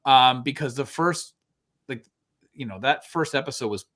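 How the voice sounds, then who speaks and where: A man's voice: medium pitch, normal speed, fairly bright tone. A man co-hosting a podcast, chatting casually about a TV series, laughing often and wandering into asides. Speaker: podcast co-host. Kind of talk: casual chat.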